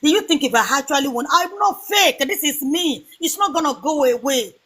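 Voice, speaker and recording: Woman, Nigerian Yoruba accent, high voice, defiant, lecturing, live-stream argument. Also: lively intonation, a little fast, fairly bright tone. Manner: defiant, lecturing, repeats herself. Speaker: live debate participant.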